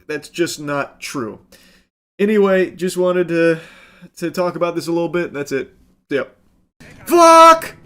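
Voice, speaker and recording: A man giving excitable gameplay commentary, swearing, yelling and laughing at the game. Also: a little high, moderate pace. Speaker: gaming commentator.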